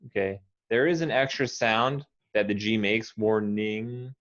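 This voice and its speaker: Low-voiced American English teacher. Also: male voice, fairly bright tone. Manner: patient, models words slowly and repeats them. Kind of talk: pronunciation coaching. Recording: dull lo-fi audio.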